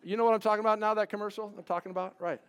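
Male pastor with a high voice, preaching with conversational stories and emphatic points. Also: steady tone, very fast, a bit bright, clean tone, dull audio. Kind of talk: sermon.

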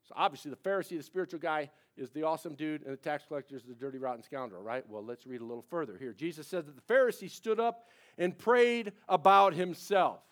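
A man's voice: a little high, fast talker. A man in his forties, a pastor, preaching a sermon in a casual, conversational way, with frequent asides to the congregation.

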